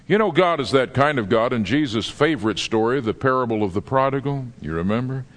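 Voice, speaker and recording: A man preaching a sermon, telling stories with dramatic pauses in a lively, emphatic way. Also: medium pitch. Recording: long reverb of a large hall.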